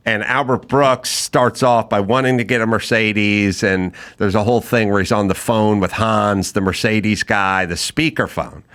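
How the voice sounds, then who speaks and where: A man's voice: fairly low pitch, steady tone, normal speed, few pauses, fairly bright tone. A man hosting a podcast, telling a story in casual chat and acting out the quoted dialogue in big voices. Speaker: podcast host.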